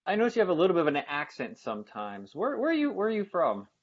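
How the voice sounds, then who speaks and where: Male host, quick talker, muffled line. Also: high voice, huge pitch swings. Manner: quick, reads viewer questions. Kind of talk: live webinar interviewing. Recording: muffled lo-fi audio.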